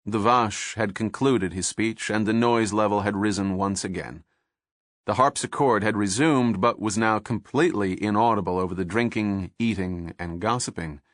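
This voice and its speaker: A man narrating a thriller audiobook in a measured, steady scripted style. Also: fairly low pitch, dry recording, clean studio sound.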